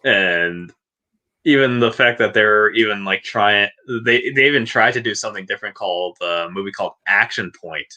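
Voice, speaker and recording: A man co-hosting a casual livestream chat about films and TV, rambling with frequent restarts and quick laughs. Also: fairly low pitch, bright, forceful tone. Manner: rambling, restarts often, laughs between points. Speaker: podcast co-host.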